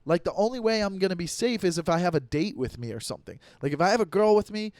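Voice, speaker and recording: A man's voice: high-pitched, expressive, quick pace, darkish tone, no room sound. A man in his thirties, a comedian hosting his own podcast, telling stories in a rambling, profane casual monologue full of restarts. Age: 30s.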